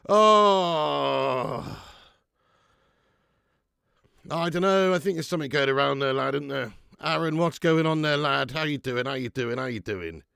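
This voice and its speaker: Flu-struck male fan-channel host, mid pitch, sweary and blunt, close dry mic. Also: brisk, gravelly, few pauses, a bit bright, dry recording. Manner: sweary, blunt banter with viewers. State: sick with flu, sweating. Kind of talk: live match watch-along chat.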